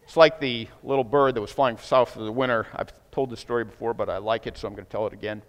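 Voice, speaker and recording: A male pastor preaching a sermon, telling a story and acting out the voices of people in it with rising excitement. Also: medium pitch, fast talker, big-room sound.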